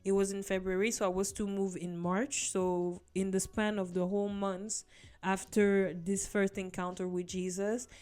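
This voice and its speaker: A woman's voice: medium pitch, flat delivery, moderate pace. A woman telling her personal faith testimony to viewers in an earnest, casual storytelling way. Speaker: vlogger sharing her testimony. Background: soft background music.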